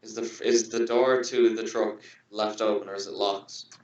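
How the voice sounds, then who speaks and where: Low-voiced man, distant echoey audio. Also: fairly even intonation, normal speed, darkish tone, dull audio. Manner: short, matter-of-fact questions. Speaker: player. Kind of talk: casual game chat.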